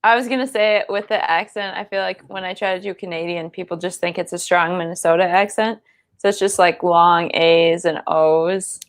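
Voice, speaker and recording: A woman's voice: on the low side, fairly even intonation, normal speed. Encouraging female comedian guest. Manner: laughs often, encouraging. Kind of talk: casual chat.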